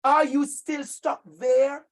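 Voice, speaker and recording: A man presenting an interactive online workshop for educators, emphatic and animated, calling on participants by name over a video call. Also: extremely high pitch, slow pace. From Jamaica.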